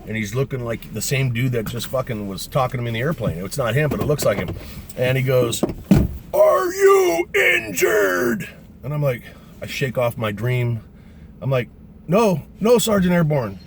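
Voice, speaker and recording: Profane ex-paratrooper telling a story. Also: male voice, mid-range voice, a little fast, background noise. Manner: profane, conversational, lots of "man" and "you know". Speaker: vlogger, former paratrooper. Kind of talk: casual storytelling.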